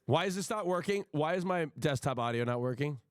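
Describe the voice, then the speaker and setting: A man's voice: a little high, animated, fairly quick, clean tone. A man streaming live, ranting to his chat in a profane, emphatic way with frequent stammering restarts. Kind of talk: casual livestream rant to chat.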